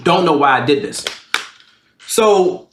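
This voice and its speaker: A man's voice: fairly high pitch, slow, slight background noise. A young man live streaming, telling a profane storytime in a casual, slangy way with lots of swearing. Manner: animated, slangy, swears a lot. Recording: roomy echo.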